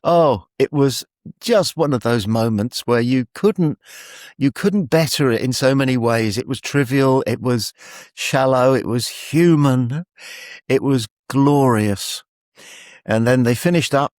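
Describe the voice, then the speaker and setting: A man's voice: mid-range voice, a little slow, a little mellow, dry recording, clean studio sound. A man hosting, telling a rambling anecdote with wry humour and frequent chuckles. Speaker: radio host. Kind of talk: anecdotal monologue.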